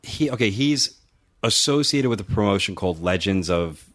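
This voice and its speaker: A lower-pitched man tells a long, profane story in casual podcast chat. He rambles and doubles back, acting out the other guy's lines. He sounds like a wrestling promoter reliving a night at his show. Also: lively intonation, moderate pace, fairly bright tone.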